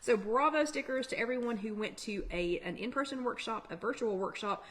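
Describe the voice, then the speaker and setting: A woman hosting a live online workshop chat, talking fast in a chatty, encouraging way. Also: fairly high pitch, a bit bright. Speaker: workshop host. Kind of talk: casual live-stream chat.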